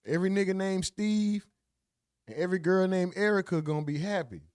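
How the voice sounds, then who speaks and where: A man giving casual live commentary on a court case, ranting in a profane, slangy, animated way. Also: sits high, a little fast, clear, resonant tone, dry recording, studio quality. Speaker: livestream commentator.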